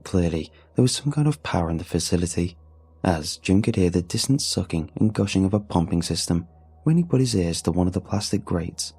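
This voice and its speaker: A man narrating a first-person horror story in a steady, measured way. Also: deep voice, breathy edge.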